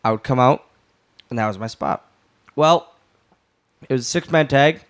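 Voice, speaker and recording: A man guesting on a podcast, telling a backstage story in a lively way and swearing freely. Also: medium pitch, normal speed.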